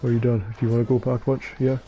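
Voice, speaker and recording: Scottish man, young adult, tired, gravelly, rambling gamer chat, clear background noise. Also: medium pitch, flat delivery, racing, highs cut off. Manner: rambling, joking, swears freely. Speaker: gamer streaming online matches. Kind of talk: casual chat while gaming.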